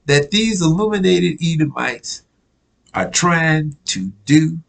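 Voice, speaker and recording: A man's voice: fairly high pitch, animated, slow pace, gravelly, fairly bright tone, rough recording. A man preaching a casual sermon, reading news clippings aloud and often asking if listeners follow him. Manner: conversational, keeps asking "you follow me?"; repeats himself, restarts words.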